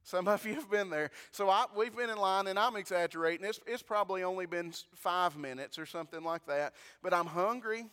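A pastor preaching in a folksy, storytelling way, speaking right to his congregation. His voice is fairly high and clear. A long church reverb trails behind him. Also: a little fast, hardly any pauses, a bit bright. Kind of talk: sermon.

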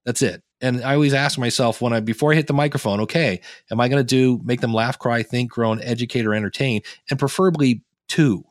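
Animated chatty man on a dry mic. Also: mid-range voice, a little fast, few pauses, no room sound. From Ohio. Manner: animated storyteller, acts out quoted reactions. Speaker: podcast guest. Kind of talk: casual interview chat.

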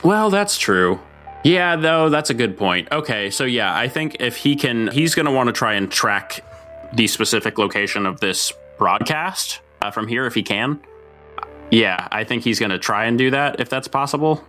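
A man's voice: mid-range voice, expressive, normal speed, sharp tone, faint music behind. A man playing a tabletop role-playing game, talking casually and rambling, often correcting himself mid-sentence. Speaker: player.

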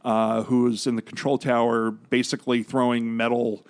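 A man's voice: mid-range voice, level tone, normal speed, clear, resonant tone. Chatty man recapping comics. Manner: explanatory, jokey, long rambling recaps. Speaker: podcast co-host. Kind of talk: casual comic book discussion.

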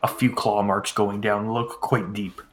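A man's voice: lowish voice, level tone, unhurried. A man running a tabletop game as game master, describing scenes loosely with many fillers.

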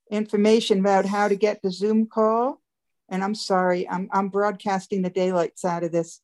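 A woman's voice: medium pitch, a little mellow. A woman, a webmaster, chatting on a conference call as she walks through a website step by step, laughing now and then. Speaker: webmaster giving a site tour.

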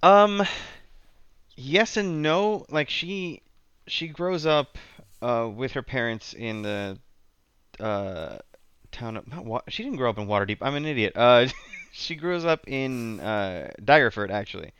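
A man's voice: medium pitch, lively intonation, a little slow, fairly bright tone, clear, resonant tone, no room sound, dull audio. A man chatting casually as a guest about his tabletop character, rambling with many restarts and fillers. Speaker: podcast guest, tabletop player. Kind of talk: casual chat.

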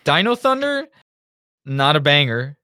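A man talking in a lively, swinging voice on a casual review podcast. He jokes and swears freely. His voice is on a close, dry mic with no room sound. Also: on the high side, measured pace, smooth, dry recording. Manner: animated, joking, swears freely. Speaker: podcast co-host.

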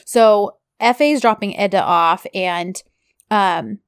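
A woman's voice: mid-range voice, takes it slowly, clear, resonant tone, dry recording, studio quality. A woman co-hosting a casual podcast, chatting through a TV episode and retelling scenes in a playful way. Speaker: podcast co-host recapping a TV episode. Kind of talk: casual chat.

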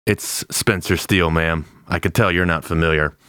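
A man playing a tabletop game, loud and joking, swearing a lot. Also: deep voice, steady tone, normal speed, clean tone, no echo, clean studio sound. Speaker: player.

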